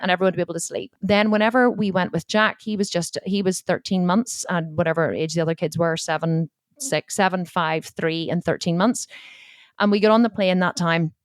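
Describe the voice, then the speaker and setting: A woman tells her story bluntly and with plenty of swearing. Her voice sits a little low, and the recording is dry and close. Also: fairly quick, no echo. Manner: blunt, expletive-heavy, animated retelling. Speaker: podcast guest, entrepreneur. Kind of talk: candid storytelling interview.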